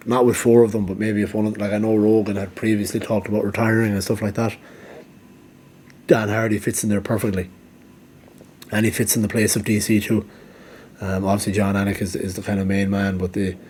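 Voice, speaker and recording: A man's voice: lowish voice, darkish tone, a little hiss or hum. A man giving rambling casual commentary, full of ums and restarts, and he is losing his voice. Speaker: MMA vlogger.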